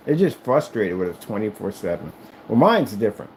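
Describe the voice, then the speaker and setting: A man's voice: mid-range voice, big pitch swings, normal speed, darkish tone, slight background noise, low-quality recording. A man chatting casually to camera in an emphatic, rambling way, often repeating himself. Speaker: vlogger.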